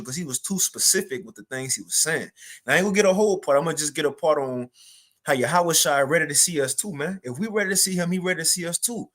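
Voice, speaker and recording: A young man giving a livestreamed spiritual testimony, telling the story in an animated, repetitive way with casual slang. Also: fairly high pitch. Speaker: spiritual teacher sharing a testimony.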